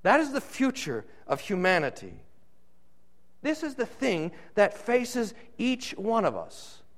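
Slow, dramatic high-voiced male preacher. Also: huge pitch swings. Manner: slow, dramatic preaching with wide swings in pitch and loudness. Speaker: pastor. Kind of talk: sermon.

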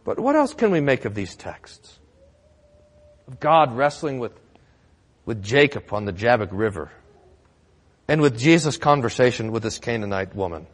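Lively-voiced male pastor preaching. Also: mid-range voice, normal speed, pauses often. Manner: conversational, wry humor, acted quotes. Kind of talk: sermon. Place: church.

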